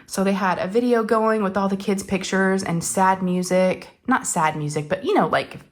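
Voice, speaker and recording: A woman's voice: medium pitch, moderate pace. A middle-aged woman hosting a crafting channel, telling a family story in casual, rambling, heartfelt chat with lots of fillers and restarts. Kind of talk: casual chatty storytelling to viewers.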